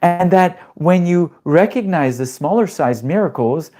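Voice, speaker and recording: A man's voice: high voice, expressive, a little slow, mellow. Blunt, swearing man coaching a live chat. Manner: emphatic, blunt, with casual swearing; asks the audience questions. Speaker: nervous system coach. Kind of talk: live-streamed teaching to a chat audience.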